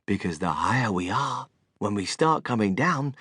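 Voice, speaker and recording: A man voicing an eccentric grown male candy maker who is brisk, unflappable and emphatic, read for a storybook. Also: lowish voice, lively intonation, a bit bright, slightly rough, no room sound, clean studio sound, pitched below the performer's own voice. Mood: insistent. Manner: emphatic, commanding, matter-of-fact.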